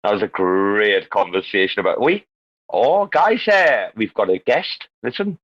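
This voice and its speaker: A man's voice: lowish voice, animated, a little slow, a bit bright, muffled recording. A man hosting a casual live audio chat, joking and swearing, calling guests darling. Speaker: host.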